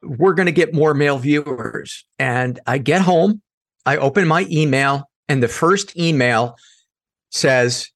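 A man, a guest comedian, telling a wry, animated story in casual talk. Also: a little high, a little slow.

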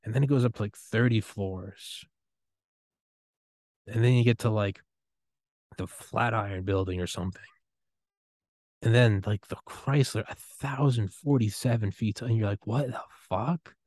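A young man hosting a podcast, giving a rambling, excitable solo rant full of swearing and trailing restarts. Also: fairly low pitch, moderate pace, long pauses, no echo. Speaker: podcast host.

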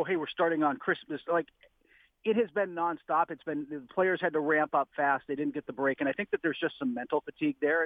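A man's voice: on the high side, no echo. Man on a tinny phone line. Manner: rambling, restarts, quick asides. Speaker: basketball writer, radio guest. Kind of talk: casual sports talk on a phone line.

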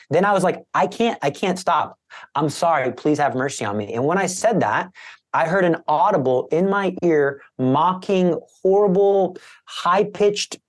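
Man giving an earnest emotional testimony. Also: on the high side. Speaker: guest, Catholic evangelist. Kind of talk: personal conversion testimony.

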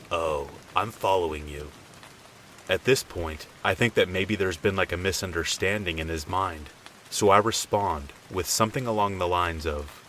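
A man telling a true scary story in calm, measured scripted narration, dropping low and quiet for the quoted lines. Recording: faint rain noise behind.

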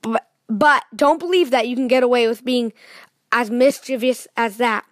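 A woman's voice: on the high side, normal speed, no echo, studio quality, close to an everyday voice. A woman voicing a stern old male wizard in a storybook, speaking in a firm, scolding way. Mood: warning.

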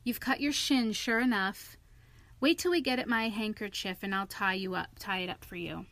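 A woman voicing a clever, eager male water rat who speaks in an emphatic, impatient and excitable way. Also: medium pitch, normal speed, no room sound, natural voice. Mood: kindly.

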